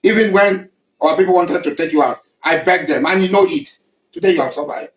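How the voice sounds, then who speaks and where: A man's voice: high-pitched, a little fast. A man with a Nigerian accent, making an impassioned public address, accusing and emphatic, repeating his points. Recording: echoey room.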